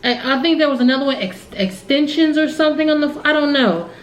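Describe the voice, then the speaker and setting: A woman's voice: sits high, brisk, faint music behind. Candid, rambling woman vlogger, echoey room sound. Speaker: family vlogger. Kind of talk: casual vlog storytelling.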